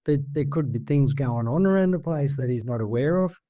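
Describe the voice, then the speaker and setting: An Australian man telling a story in a rambling, lively way, full of asides. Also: medium pitch, fairly quick, no echo, lo-fi sound. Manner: rambling, animated, full of asides like "see?" and "mate". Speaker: guest storyteller. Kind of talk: casual storytelling.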